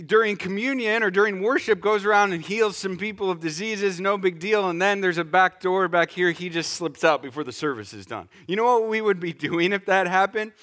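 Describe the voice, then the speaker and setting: A man preaching a sermon in a lively, conversational way, acting out scenes for the congregation. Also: high-pitched. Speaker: pastor.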